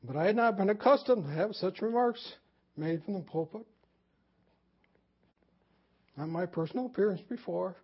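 A man pastor preaching a sermon, swinging from loud emphasis to hushed near-whisper. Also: high voice, animated, a little fast, husky. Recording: dull lo-fi sermon recording.

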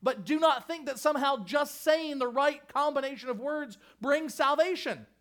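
A pastor delivering an impassioned sermon, emphatic and repetitive, swinging from raised fervor to hushed intensity. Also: male voice, very high voice, moderate pace. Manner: impassioned, emphatic preaching with repeated phrases.

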